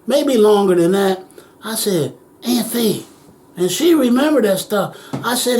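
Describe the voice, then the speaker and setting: Older man, high-pitched voice, animated oral history storyteller, chuckling. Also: a little slow, slight background noise. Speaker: interviewee.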